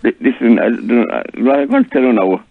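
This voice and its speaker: A man's voice: medium pitch, moderate pace, vocal fry, over a noisy crowd. A man woken by a phone call, sounding groggy and baffled. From Ireland. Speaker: call recipient. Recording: phone line.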